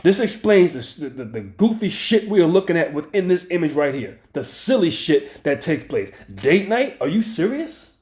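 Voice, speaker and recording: A man's voice: fairly high pitch, big pitch swings, moderate pace, few pauses, darkish tone. A man hosting a commentary video, ranting in a profane, heated and mocking way. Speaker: commentary channel host. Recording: echoey room.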